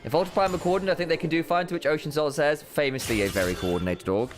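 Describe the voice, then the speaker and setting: A man casting a pro game with quick play-by-play calls and silly, rambling asides. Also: a little high. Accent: English. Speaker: esports caster. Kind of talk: play-by-play esports commentary. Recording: music bed under the voice.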